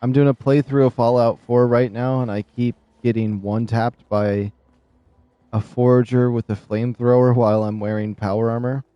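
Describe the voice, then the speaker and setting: A man's voice: mid-range voice, level tone, moderate pace, clear, resonant tone, dry recording, lo-fi sound. A man streaming a video game live, chatting casually and rambling, often laughing, on a desk microphone. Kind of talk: casual live gameplay commentary.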